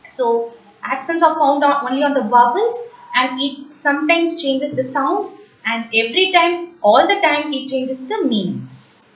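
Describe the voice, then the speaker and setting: A woman teaching a beginner French lesson, speaking slowly and patiently and repeating words for learners to copy. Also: sits high, animated. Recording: roomy, distant, dull lo-fi recording.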